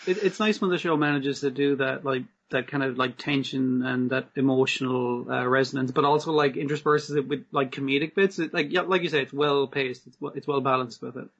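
A man's voice: medium pitch, fairly even intonation, brisk, hardly any pauses, a bit bright, breathy edge. A man, co-hosting a podcast, chatting casually about an anime and swearing freely. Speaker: podcast co-host. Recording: slightly dull lo-fi recording.

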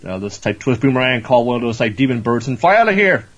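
A cocky young thief, as a man acts him out in a retelling, teases his foes smugly. The voice sits well above the man's low husky register and carries a breathy edge. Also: sing-song, fast, dull audio.

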